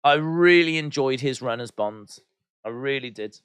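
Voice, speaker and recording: A man's voice: medium pitch, moderate pace, a bit bright, smooth, no echo, clean studio sound. A man hosting a live watch-along stream, chatting casually, reading out viewer comments and answering them with playful teasing humor. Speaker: livestream host.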